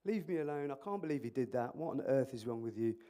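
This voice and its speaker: A man's voice: mid-range voice, animated, fast talker, warm tone, lightly acted. A man voicing an angry young man in a pub who has just been stabbed, snapping at people to back off. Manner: snapping, swearing-off tone.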